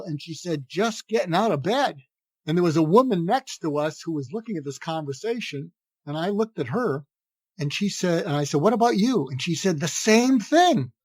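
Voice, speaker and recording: An older man who is a psychiatrist appears as a podcast guest, telling animated stories and acting out the voices of the people in them. His voice sits a little high for a man. The recording is close and dry, without echo or room sound.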